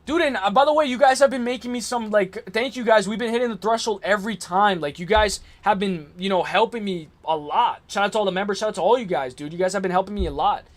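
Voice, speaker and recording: A man hosts a relaxed live stream where he makes fight picks and reacts to viewer comments in excitable slang. His voice sits high, and he talks fast with hardly any pauses.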